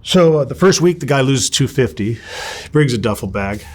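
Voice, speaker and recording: A man from Los Angeles, an interview guest, telling his story in a casual, animated way. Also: medium pitch, moderate pace. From Los Angeles, USA. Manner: animated, acts out quoted dialogue.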